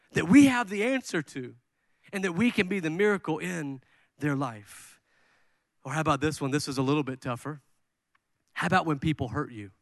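A man preaching a sermon as pastor, animated, acting out people's voices as he talks. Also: on the high side, no room sound, clean studio sound. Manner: animated, mimics people with raised voice.

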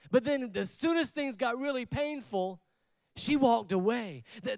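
Preacher guy, high voice, leans hard on words then drops low, dead dry sound. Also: dry recording. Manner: emphatic preaching with call-and-response to the congregation; swings between loud stresses and quiet low asides. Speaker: pastor. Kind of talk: sermon.

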